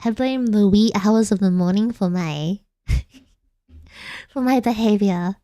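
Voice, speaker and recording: A woman's voice: mid-range voice, measured pace, warm tone, no echo. Giggly young woman from Australia, dry sound. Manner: playful, giggly, rambling. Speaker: vtuber streamer. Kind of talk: casual late-night chat.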